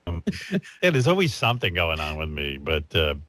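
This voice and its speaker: A man's voice: very deep voice, big pitch swings, brisk, fairly bright tone, dry recording. A man chatting casually on a radio show, rambling and self-mocking. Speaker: radio show host in a played clip.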